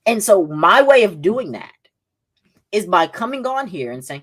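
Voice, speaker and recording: A man's voice: high-pitched, big pitch swings, a little slow, fairly bright tone. A man with a Southern accent hosting a political livestream podcast, combative and repeating "right?" again and again. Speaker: podcast host.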